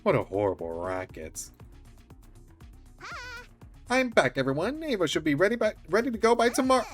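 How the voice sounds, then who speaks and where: A man streaming a visual novel, reading every character's lines aloud and breaking off into excited asides. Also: high voice, normal speed. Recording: faint music behind.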